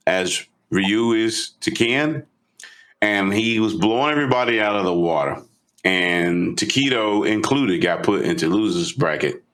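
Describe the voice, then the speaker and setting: A man co-hosting a podcast, retelling a story in an animated, casual way. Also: fairly low pitch. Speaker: podcast co-host.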